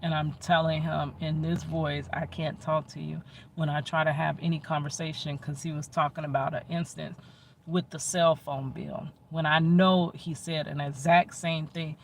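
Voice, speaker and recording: A man telling a personal story in an animated way, acting out both sides of arguments and repeating himself for emphasis. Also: fairly high pitch, normal speed, creaky. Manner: emphatic and repetitive. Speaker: storytelling vlogger. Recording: distant mic with faint background noise.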